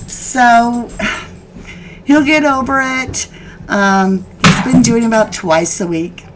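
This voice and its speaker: A woman's voice: on the high side, slow pace, background noise. A woman hosting a live true crime chat, talking casually and breaking off to scold her dogs. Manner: chatty, scolding her dogs mid-stream, laughing.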